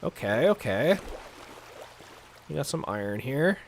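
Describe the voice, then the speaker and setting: A man's voice: mid-range voice, big pitch swings, measured pace, slight background noise. A young man streaming a game, chatting casually with viewers in a rambling, filler-heavy way, his voice a little congested. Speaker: gaming streamer. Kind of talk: casual live-stream chat while playing.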